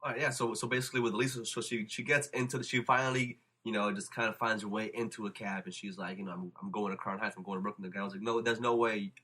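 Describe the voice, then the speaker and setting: A young man, hosting a casual podcast and telling stories quickly with lots of restarts. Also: on the low side, slightly rough. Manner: fast, animated storytelling with restarts. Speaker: podcast host. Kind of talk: casual chat.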